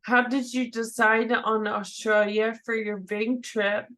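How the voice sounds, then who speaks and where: A woman moderating a Q&A over a video call, reading out audience questions in a measured, friendly way. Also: fairly high pitch, little pitch movement, sharp tone, poor audio.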